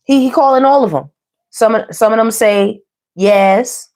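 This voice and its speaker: A woman giving a casual tarot reading, sassy and animated, full of slang and calling the viewers "baby" and "y'all". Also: a little high, measured pace. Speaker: tarot reader.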